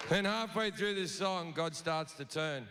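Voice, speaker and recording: A man's voice: fairly high pitch, unhurried. An Australian man doing a stand-up comedy set, telling a story in a profane, conversational way. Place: live comedy venue. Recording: live show with audible crowd noise.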